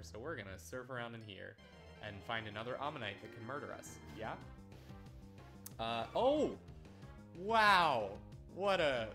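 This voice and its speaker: A man's voice: medium pitch, fairly bright tone. A man casually commenting on a video game as he plays, sarcastic, often repeating words in exasperation. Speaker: let's play host.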